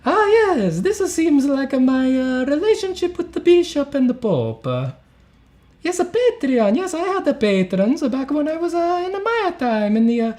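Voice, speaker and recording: A man putting on a fake Italian accent to play Michelangelo as a pompous old Italian master, halting and hammy. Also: extremely high pitch, sing-song, darkish tone, voice pushed up.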